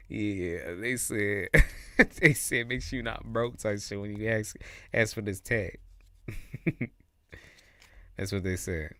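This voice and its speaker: A man's voice: fairly low pitch, takes it slowly, bright, forceful tone, no room sound. A man giving casual, slangy tarot readings on a live stream, laughing often and repeating his points. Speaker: tarot reader.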